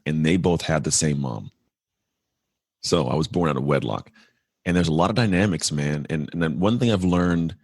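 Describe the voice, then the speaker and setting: Husky deep-voiced man telling his story. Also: dry recording, studio quality. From California. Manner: earnest, reflective, fast-flowing with restarts. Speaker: podcast guest. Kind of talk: candid storytelling interview.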